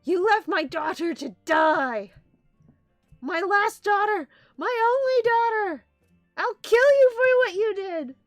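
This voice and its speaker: Frantic rabbit mom, fierce and shrill, read by a woman. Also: lively intonation, takes it slowly, dry recording, soft background music, exaggerated voice. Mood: furious. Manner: shrieking, high and frantic. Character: furious rabbit mother protecting her daughter.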